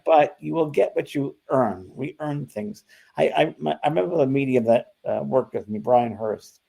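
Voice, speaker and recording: A man's voice: mid-range voice, gravelly, dark tone. An older man in casual spiritual conversation, telling a story full of fillers and restarts. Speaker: spiritual medium, co-host.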